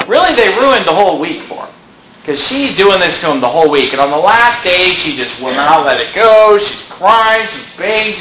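A man's voice: high voice, animated, moderate pace, sharp tone. A man preaching a sermon, retelling a story in a casual, joking way. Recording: echoey room, faint noise.

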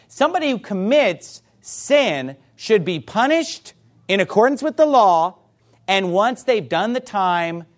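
A man preaching a sermon in a high voice that swings widely up and down. He drives his points hard and fires rhetorical questions at the congregation. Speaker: pastor.

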